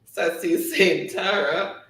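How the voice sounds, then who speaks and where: A man's voice: high-pitched, steady tone, slow pace, fairly bright tone, far from the mic. A man hosting a live trivia stream, chatting casually, reading viewer comments aloud and often breaking into laughter. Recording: roomy sound, voice set back from the mic.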